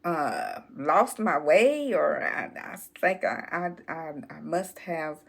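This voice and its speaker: A woman telling a childhood story to her viewers in a relaxed, drawn-out way. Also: low-pitched, vocal fry. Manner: slow, drawn-out storytelling, addresses viewers as y'all. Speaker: channel host. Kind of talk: casual storytelling vlog.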